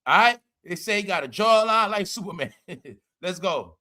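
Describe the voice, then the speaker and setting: High, bright-voiced man ranting on a livestream. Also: lively intonation, moderate pace. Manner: loud, laughing, profane, repeats "all right?". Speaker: commentary livestream host. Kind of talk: casual livestream commentary.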